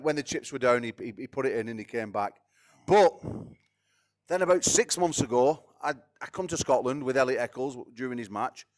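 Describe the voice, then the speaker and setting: Excitable guy hosting a fight press conference, swears a lot, trips over his words. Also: medium pitch.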